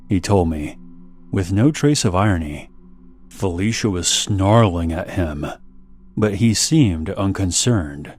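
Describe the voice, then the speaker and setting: A man with a very low voice narrating a scripted horror story. He reads in a measured, steady way, letting each line land. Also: faint music behind.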